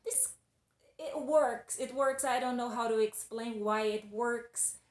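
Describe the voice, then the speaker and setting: A woman's voice: on the high side, slow, echoey room. A Brazilian woman with a Portuguese accent, a native Portuguese speaker, giving an emphatic, casual English lesson as a teacher. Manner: emphatic and loud.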